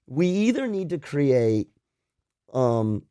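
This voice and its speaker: Male co-host, warm, animated, dry studio sound. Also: mid-range voice, clean tone, dry recording. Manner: interjecting, quick questions and reactions. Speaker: radio co-host. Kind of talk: casual radio chat.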